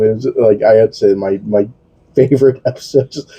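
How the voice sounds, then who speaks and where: A man chatting loosely on a podcast, piling on fillers and swear words as he rambles. His voice is husky and very dark in tone, sitting a little low. The talk is unscripted and easygoing. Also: fairly even intonation, moderate pace. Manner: rambling, swears a lot, many fillers and restarts. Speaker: podcast co-host. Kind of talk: casual chat.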